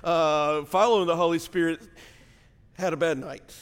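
A middle-aged man preaching a sermon as pastor, in pain from a back injury, swinging between hushed storytelling and loud, fervent preaching in a church. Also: on the high side, fairly even intonation, normal speed. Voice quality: gravelly. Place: church sanctuary. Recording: long hall reverb.

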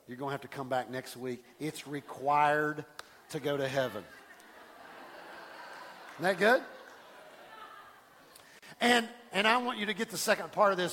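High-voiced preacher man, echoing hall. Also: a little hiss or hum. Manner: animated, repeats words and restarts, acts out quoted voices. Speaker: pastor. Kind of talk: sermon. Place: church sanctuary.

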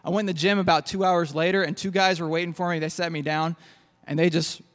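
A man's voice: fairly high pitch, steady tone, fast talker. A young man preaching a sermon in a church hall, telling jokey stories. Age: young adult. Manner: storytelling, jokey.

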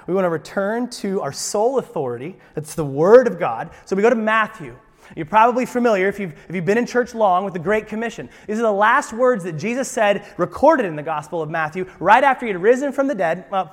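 A man preaching a sermon as pastor, animated and talking with his hands. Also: a little high. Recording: long hall reverb.

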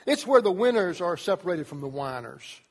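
Guy with a high husky voice giving an animated youth sermon, lots of echo like a big church hall. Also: normal speed. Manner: animated preaching, acting out quotes in changing voices. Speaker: youth pastor. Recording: long reverb of a large hall.

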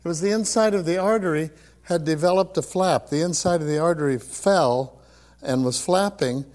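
An older man tells his personal testimony in a slightly high voice. He quotes others along the way and laughs often. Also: moderate pace, darkish tone. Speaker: preacher giving testimony.

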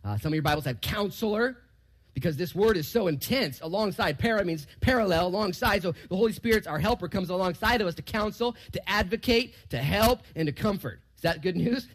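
A man, a pastor, giving a casual verse-by-verse sermon in a church hall. He questions the room and moves from loud emphasis to quiet asides. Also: animated, a little fast. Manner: conversational, asks the room questions, rises loud for emphasis and drops low for asides.

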